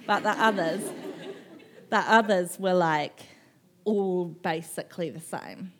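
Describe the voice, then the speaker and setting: A woman, an author telling her story on stage at a book festival, frank and animated, swearing casually and laughing often. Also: lowish voice, measured pace, slight background noise. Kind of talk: candid conversational storytelling.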